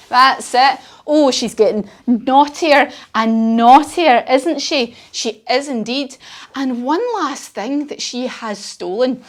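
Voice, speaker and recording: A woman guides children through yoga poses in a high, lively voice. She spins a playful story and praises the little ones warmly as they go. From United Kingdom. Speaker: kids yoga instructor. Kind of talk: children's yoga class instruction.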